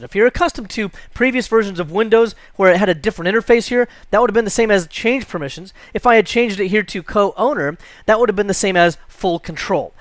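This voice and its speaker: A man teaching a screen-recorded software tutorial, chatty and jokey, thinking aloud as he clicks through. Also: sits high, no room sound. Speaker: computer instructor.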